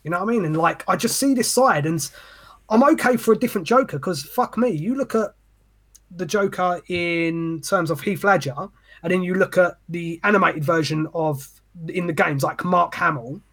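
A man ranting on a podcast with an animated, sweary delivery. His voice sits a little high and has a husky edge. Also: normal speed. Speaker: podcast co-host. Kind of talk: casual chat.

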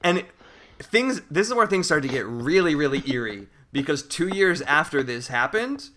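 A man's voice: a little high, sing-song, normal speed, sharp tone, slight background noise. A man casually telling a long internet story on a podcast, reading forum posts aloud. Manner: reads forum posts aloud, breaking into laughter.

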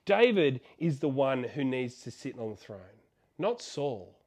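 A man preaching, retelling a Bible story in an animated way and asking rhetorical questions. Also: medium pitch, a little slow, breathy edge.

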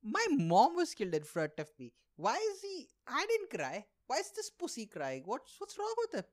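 A man putting on a shrill, scornful war-hardened guy. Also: wildly swooping pitch, normal speed, exaggerated voice.

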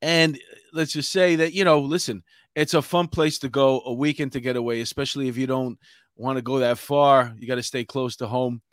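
A man's voice: mid-range voice, fairly even intonation, a little fast, a bit bright, no echo, clean studio sound. A middle-aged man with a New York accent, hosting a casual chat show and rambling with many fillers. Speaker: podcast host.

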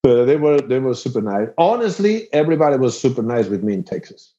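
A man's voice: medium pitch, very animated, dark tone. Spanish-accented man on a lo-fi video call. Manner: halting, laughs often, searches for English words. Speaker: guest musician. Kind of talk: casual podcast chat. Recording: dull lo-fi video call audio.

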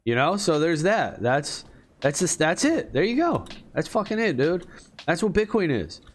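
A man's voice: fairly high pitch, very animated, normal speed. A man ranting casually in a profane, rambling, emphatic way. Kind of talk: casual rant.

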